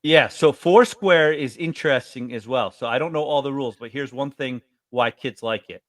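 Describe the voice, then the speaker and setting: A middle-aged man from New York State chatting casually as a podcast co-host, telling stories with lively acted-out voices. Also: mid-range voice, normal speed, no room sound. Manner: animated storyteller, acts out quoted voices loudly. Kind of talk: casual chat.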